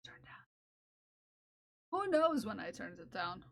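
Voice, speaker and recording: A woman's voice: medium pitch, big pitch swings, slow pace, vocal fry. A woman hosting a live stream, chatting casually with her viewers and playfully scolding them. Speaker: livestream host.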